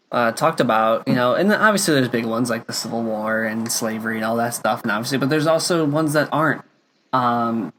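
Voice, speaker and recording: A man's voice: medium pitch, a bit bright, slight background noise. A young man hosting a casual podcast chat, rambling with lots of fillers and restarts. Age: young adult. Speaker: podcast host.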